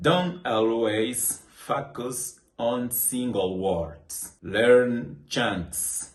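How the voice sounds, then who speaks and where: A man giving an English lesson in a very slow, deliberate voice, pitched a little low. He sounds scripted and spaces his phrases out carefully. The room around him is echoey. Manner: slow, deliberate delivery with clear example phrases. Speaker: English teacher.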